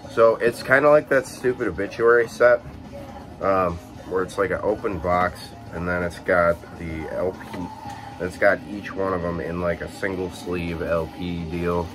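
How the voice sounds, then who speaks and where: A man's voice: deep voice, measured pace. A young man casually showing off his music collection, rambling and correcting himself, saying he just woke up. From Illinois, USA. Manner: rambling, relaxed, many fillers and self-corrections. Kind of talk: casual chat.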